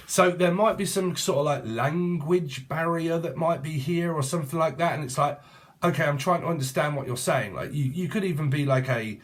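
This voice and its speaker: A man's voice: a little high, animated, moderate pace. A British man in his forties giving a rambling, jokey tarot reading full of swearing and sudden sing-song asides. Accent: British English. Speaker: tarot reader.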